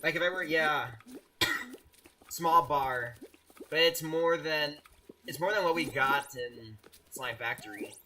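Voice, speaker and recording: A man's voice: a little high, slow pace, long pauses, pushed and bright, slight background noise. A young man streaming a game live, chatting casually and teasing his viewers. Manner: playful, teasing, restarts often, laughs at chat.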